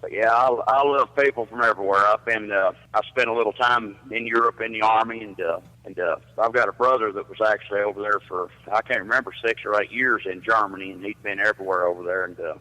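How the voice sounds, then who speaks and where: A man's voice: lowish voice, steady tone, quick pace, hardly any pauses, pushed and bright, poor audio. A man, a country singer and truck driver guest, telling folksy stories in a casual chat with many restarts.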